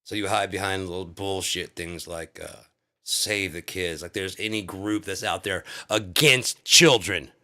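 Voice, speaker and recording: A man's voice: low voice, measured pace, bright, forceful tone. A man on a live stream delivering an angry, profane political rant full of insults.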